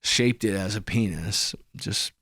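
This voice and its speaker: A man's voice: on the low side, a little slow, bright, forceful tone, husky, no echo, clean studio sound. A man co-hosting a podcast, telling a rambling, profane story in casual chat. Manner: rambling, profane, acts out quoted voices. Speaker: podcast co-host.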